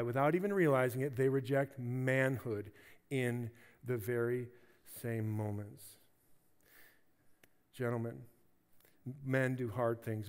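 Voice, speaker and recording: Animated high-voiced preaching pastor. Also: male voice, big-room sound. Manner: animated preaching, acting out biblical figures and dropping to quiet emphasis. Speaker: senior pastor. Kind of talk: sermon. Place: church sanctuary.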